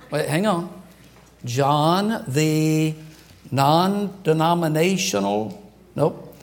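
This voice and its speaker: A male pastor preaching a sermon to his congregation, conversational and jokey, chuckling at his own asides. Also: fairly high pitch. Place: church sanctuary.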